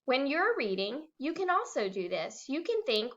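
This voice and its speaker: A woman's voice: high-pitched, moderate pace. A woman teacher giving a recorded reading lesson for young children, acting out words as she goes. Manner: animated, acts out words. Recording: dull lo-fi recording.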